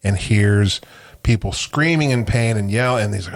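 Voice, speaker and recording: A man hosting a casual podcast, an animated storyteller who acts out voices in his jokes. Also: on the low side, moderate pace. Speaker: podcast host. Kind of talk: casual chat.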